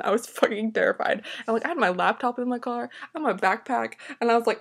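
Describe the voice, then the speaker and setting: A woman's voice: fairly high pitch, normal speed, slightly rough. Exasperated young woman telling a story. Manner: dramatic, exasperated, swears freely, lots of "like". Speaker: vlogger. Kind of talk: casual storytelling vlog.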